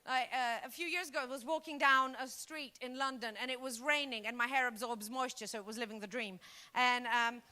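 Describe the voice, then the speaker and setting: A woman from Greece performing a stand-up comedy set, animated and breaking into shouted character voices. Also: fairly high pitch, brisk.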